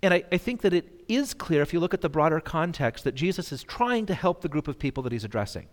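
A man teaching a bible lesson to an audience, halting and self-deprecating, with many fillers and restarts. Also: fairly high pitch, big pitch swings. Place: hall in front of an audience. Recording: long hall reverb.

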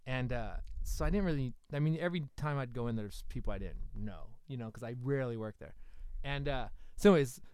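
Smooth-voiced man rambling through a story. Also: medium pitch, animated, fast, a little mellow, no room sound. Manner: rambling storyteller with many fillers and restarts. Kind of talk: casual podcast chat.

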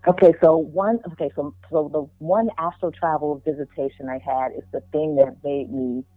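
A woman's voice: sits low, fairly even intonation, normal speed, no room sound, faint music behind. A middle-aged woman guest in a casual interview, telling a vivid personal story and acting out what others thought. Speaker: guest, spiritual practitioner. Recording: tinny phone-like line.

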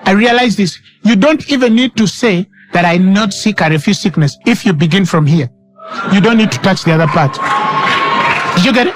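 High, lively emphatic male preacher. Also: moderate pace, over music, crowd noise. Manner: emphatic, repeats lines for stress, quotes scripture dramatically. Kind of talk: sermon.

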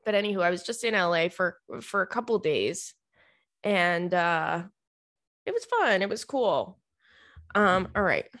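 A woman's voice: lowish voice, unhurried, fairly bright tone. A young woman casually telling funny stories to her viewers. She laughs often, swears freely and keeps calling her listeners "girl". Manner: chatty, says "girl" and "like" a lot. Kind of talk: casual storytelling to camera.

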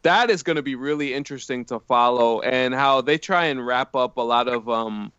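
A man on a podcast panel speaking in a measured, thoughtful way. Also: medium pitch, fairly bright tone, clean tone, no echo, lo-fi sound. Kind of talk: casual chat.

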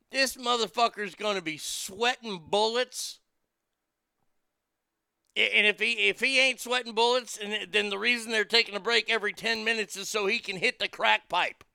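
A man's voice: sits high, moderate pace, gravelly, bright, forceful tone, clean tone, no room sound. A man hosting a casual talk show who reads news items aloud and riffs on them, brash and profane, laughing at his own jokes. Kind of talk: casual political commentary.

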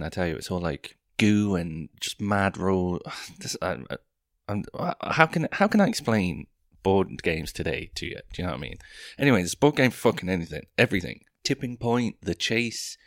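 A man's voice: sits low, gravelly, dry recording, studio quality. A young man, hosting a podcast with a profane, self-mocking, rambling comic monologue full of tangents. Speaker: podcast host. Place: London.

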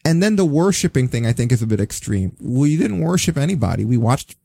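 A man's voice: medium pitch, sing-song, brisk, vocal fry, dark tone, husky, dry recording, studio quality. A man talking in casual, opinionated podcast chat, blunt and sarcastic, swearing freely. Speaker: podcast co-host.

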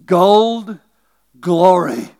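Gruff, crotchety old pastor, blunt and in your face, as a preacher puts him on. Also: male voice, lively intonation, extremely slow, dry recording, full character voice. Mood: stern warning. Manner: in-your-face warning, low and hushed.

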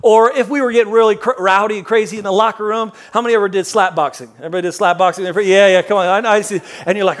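A middle-aged male pastor giving a sermon as comic storytelling, animated and jokey, acting out loud outbursts. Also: high voice, fast.

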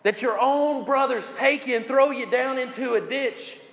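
Male pastor, higher voice, emphatic sermon delivery, long hall reverb. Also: a bit bright. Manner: preaching with slow emphatic phrases and questions to the congregation.

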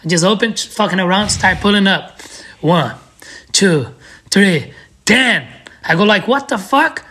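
A man with a Brazilian accent, a skateboarder guest telling a story in a casual, animated, slangy way with frequent laughter. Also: sits high, unhurried, slight background noise.

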